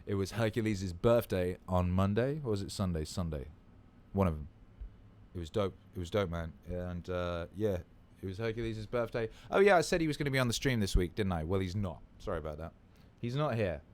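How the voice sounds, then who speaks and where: A man's voice: sits low, expressive, a little fast, a little mellow. A tired man hosting a livestream, chatting loosely and swearing freely as he greets viewers. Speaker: livestream host. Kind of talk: casual livestream chat.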